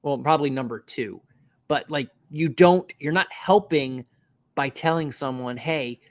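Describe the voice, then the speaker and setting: A man in casual chat, speaking in a soft, hesitant, halting way. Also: on the high side.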